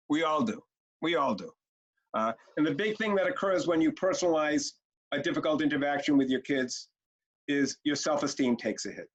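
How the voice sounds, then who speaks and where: In muffled, lo-fi webinar audio, a man presents parenting training, speaking directly and bluntly to his audience in a punchy way and sometimes acting out exchanges between parents and kids. His voice is on the high side and brisk.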